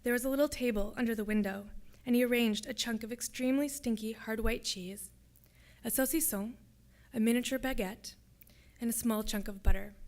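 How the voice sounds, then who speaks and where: A woman, a graduate student, reading her own fiction aloud at a public reading in a lecture hall, in a steady descriptive way. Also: fairly high pitch, a little fast.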